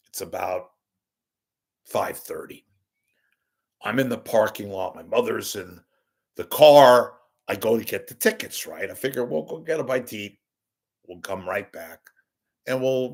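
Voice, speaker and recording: A middle-aged man hosting a talk show, telling a casual, animated, self-deprecating story. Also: lowish voice, slightly rough. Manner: animated, self-deprecating storyteller who acts out his own yelling. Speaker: podcast host.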